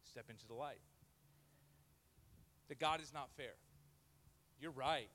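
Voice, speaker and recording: A man preaching a sermon as pastor to a live church audience, lively and joking, acting out the voices he quotes. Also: mid-range voice, takes it slowly.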